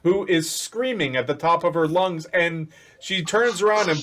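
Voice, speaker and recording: A man's voice: a little high, normal speed, fairly bright tone. A man running a tabletop game as game master, narrating a chaotic scene with many restarts and corrections. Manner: rambling, self-correcting narration.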